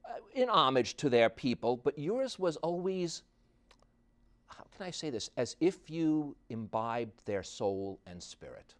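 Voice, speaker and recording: A male talk show host asks his questions in a halting way. He stops and restarts often while he looks for the right words. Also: mid-range voice, very animated. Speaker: interviewer host.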